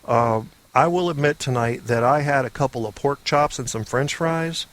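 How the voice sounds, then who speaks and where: A man's voice: medium pitch, moderate pace, a bit bright. A man hosting a call-in comedy podcast who is talking while sick, rambling in a boisterous, self-mocking way. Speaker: podcast host. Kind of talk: casual comedy monologue.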